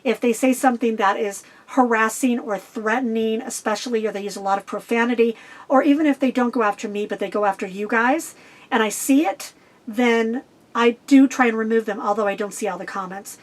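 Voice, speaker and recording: A middle-aged woman vlogger answering viewer questions about her life on the road, talking fast and getting straight to the point. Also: fairly high pitch. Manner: fast, to-the-point talker who cuts out filler. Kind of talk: casual direct-to-camera Q&A.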